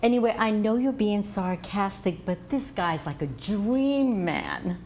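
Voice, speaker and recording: A woman's voice: medium pitch, lively intonation, unhurried, a little mellow, a little hiss or hum. An older woman acting a hopeful friend smitten with a new man, eager and gushing, in a TV drama.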